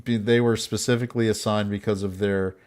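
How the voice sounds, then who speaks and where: A man's voice: fairly low pitch, steady tone, a little fast, darkish tone. A man hosting a casual comedy podcast, narrating history between jokes and frequent laughter. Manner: laughs often, jokey asides between narration.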